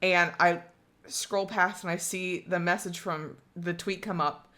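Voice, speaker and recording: Casting: young woman co-host, bright voice, excited storyteller, casual and profane. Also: on the low side, a little slow. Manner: excited storytelling, swears, says "literally" often. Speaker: podcast co-host. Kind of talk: casual chat.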